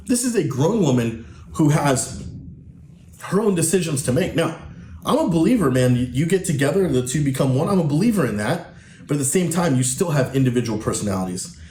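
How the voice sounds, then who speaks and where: A man's voice: on the high side, big pitch swings, normal speed, darkish tone. Blunt, swearing male coach on a podcast, echoey room with faint hiss. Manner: blunt, profane, emphatic, preachy. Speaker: podcast host and men's coach. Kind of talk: podcast monologue.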